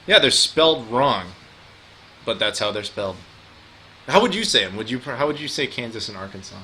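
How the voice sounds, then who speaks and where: A man's voice: medium pitch, animated, a little fast, sharp tone. An American man hosting a casual live stream chat, joking around loosely and swearing freely. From United States. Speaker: host.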